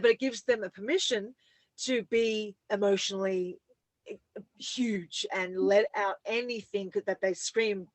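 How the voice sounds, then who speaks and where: A woman's voice: medium pitch, no echo. A woman who teaches fitness classes, hosting a casual chat and affirming what her guest says in a reflective way. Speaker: fitness instructor and host.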